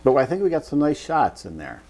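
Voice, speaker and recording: A man's voice: fairly high pitch, wildly swooping pitch, a little fast, gravelly, a little mellow, slightly rough. Middle-aged man, chuckling teasing co-host. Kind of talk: casual chat.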